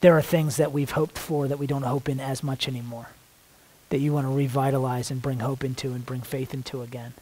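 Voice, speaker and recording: A man praying aloud in spontaneous prayer, soft and halting, repeating words as he searches, sometimes dropping to a hushed near-whisper. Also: medium pitch, little pitch movement, poor audio. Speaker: worship leader praying aloud.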